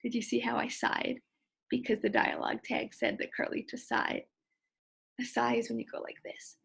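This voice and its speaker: High, husky-voiced woman teacher. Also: normal speed. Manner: expressive, demonstrative. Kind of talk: read-aloud reading lesson.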